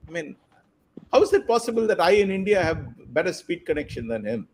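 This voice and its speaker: A man's voice: sits high, big pitch swings. A man hosting a cricket panel on a video call, jokey and teasing. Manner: jokey, teasing, quick to laugh.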